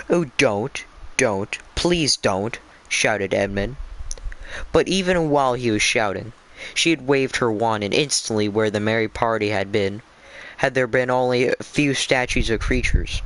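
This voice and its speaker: A man's voice: on the low side, a bit bright. A drowsy man on a casual stream, reading a book aloud and chatting, often stumbling over words and restarting. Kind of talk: casual live-stream storytelling.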